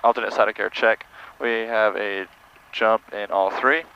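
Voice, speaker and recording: A man's voice: on the low side, fairly even intonation, normal speed, gravelly, sharp tone, highs cut off, slight background noise. A man training as a pilot, calling the radio and reading checklists in a small plane cockpit over a headset. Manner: reads checklists and repeats radio calls aloud. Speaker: student pilot. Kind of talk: cockpit radio calls and chat. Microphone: aviation headset intercom.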